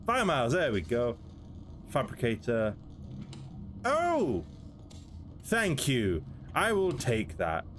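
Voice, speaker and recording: A man's voice: medium pitch, wildly swooping pitch, slow pace, long pauses, a bit bright. A young man giving casual game commentary, chatting, laughing and talking to creatures in the game. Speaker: gaming video host.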